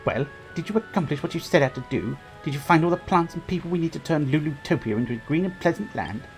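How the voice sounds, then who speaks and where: A man voicing a slightly posh, bossy young woman in a video game, raising his voice high. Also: expressive, fast, vocal fry, soft background music.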